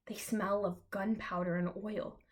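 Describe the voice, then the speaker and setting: A young woman reads her own comic story aloud in a flat, deadpan voice. Now and then she stops for dry asides of her own. Her delivery stays even and understated. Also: medium pitch, a little slow. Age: young adult. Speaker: reader of her own fan fiction.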